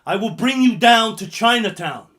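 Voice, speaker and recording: A man doing a loud menacing father. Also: high voice, expressive, normal speed, pitched above the performer's own voice. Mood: threatening. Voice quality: loud, declaiming.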